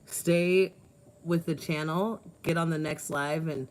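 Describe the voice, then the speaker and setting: Chatty woman livestream host, low voice, laughs easily, outdoors at home on a phone stream. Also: steady tone, slow pace. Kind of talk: casual live chat, reading viewer comments.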